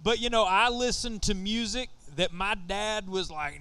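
A middle-aged Texan pastor preaches in a relaxed, joking way, talking straight to his congregation. His voice sits high for a man and rings bright and crisp. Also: measured pace, no room sound. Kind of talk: sermon.

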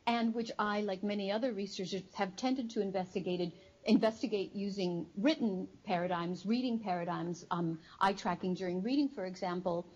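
A woman's voice: mid-range voice, a little mellow. Woman lecturing, slightly muffled recording. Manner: measured, explanatory, frequent um and uh fillers. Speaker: psychology professor. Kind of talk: academic lecture. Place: studio before a live audience.

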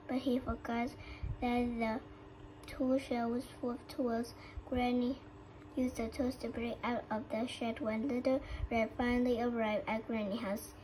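Halting woman reading a children's story. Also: fairly high pitch, dark tone, slight background noise, rough recording. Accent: Vietnamese. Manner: halting, with frequent slips and restarts. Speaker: storybook reader.

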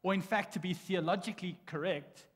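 A man preaching a sermon in a church, telling stories in a lively way with frequent restarts. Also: high-pitched, fairly quick. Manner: animated storytelling with restarts. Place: church sanctuary. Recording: long church hall reverb.

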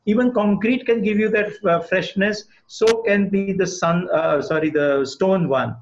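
A man from India speaks as a guest architect over a video call, earnest and rambling, with plenty of fillers. His voice sits a little high. The call audio is muffled and lo-fi. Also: measured pace. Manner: earnest, discursive, frequent "uh" fillers. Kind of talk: webinar Q&A answer.

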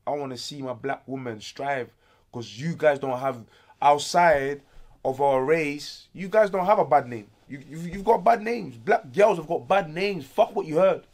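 A man's voice: fairly high pitch, a little slow. Ranting young man. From Congo. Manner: loud ranting, profane slang. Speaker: interview guest. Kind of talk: casual interview chat.

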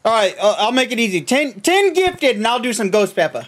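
A man's voice: high-pitched, fast talker. A man streaming from his room, chatting casually, joking, swearing and laughing often. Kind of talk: casual live-stream chat.

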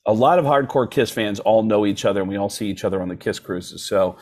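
A man's voice: lowish voice, quick pace. A male comedian guest telling stories in a casual podcast chat and slipping into voices as he goes. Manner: animated storyteller who slips into voices.

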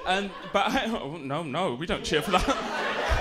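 Brief: young English man, camp and giggly stand-up, lively high-ish voice, audience noise in a live club. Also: takes it slowly. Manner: camp, giggly, self-deprecating. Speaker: stand-up comedian. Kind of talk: stand-up comedy set. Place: comedy club stage. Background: audience laughter.

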